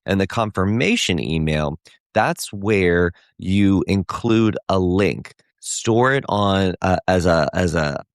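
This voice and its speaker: Middle-aged guy hosting a live stream, really low voice, dry close sound, gets worked up and emphatic. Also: slow pace, no room sound. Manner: animated and emphatic, reading out chat replies. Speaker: host. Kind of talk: live-stream coaching chat.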